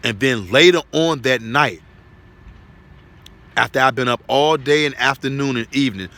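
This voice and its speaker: A man's voice: mid-range voice, normal speed, sharp tone. A man giving an earnest spoken religious testimony, repeating himself and checking in with tag questions.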